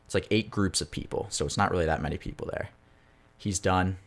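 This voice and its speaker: A man's voice: sits low, a little fast, creaky. A young man, a podcast co-host, telling a story in a rambling, casual way and swearing freely.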